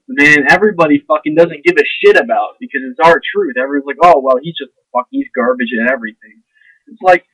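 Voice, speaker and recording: A man's voice: sits high, fairly bright tone, no room sound, poor audio. A young man ranting to camera in a blunt, sarcastic, profane and rambling way. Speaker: vlogger. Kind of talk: casual ranting monologue.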